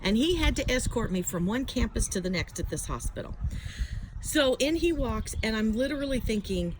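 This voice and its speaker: A woman's voice: a little high, expressive, moderate pace, a little hiss or hum, poor audio. A woman telling a chatty, self-mocking story to camera, filmed outdoors on a handheld phone. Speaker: vlogger. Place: outdoors at home, letting dogs out. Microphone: handheld phone, no tripod.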